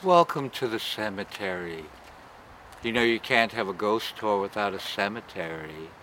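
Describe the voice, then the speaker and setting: A man's voice: lowish voice, lively intonation, moderate pace, slight background noise, rough recording. Joking male ghost tour guide. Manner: punchline-driven, folksy, laughs at own jokes. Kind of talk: joking storytelling tour talk. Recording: loud music behind.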